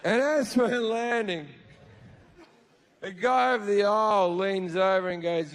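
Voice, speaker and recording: An Australian man performing profane stand-up comedy, telling stories loudly on a big theatre stage. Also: high voice, a little slow, in a large hall. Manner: loud, profane storytelling with frequent shouting.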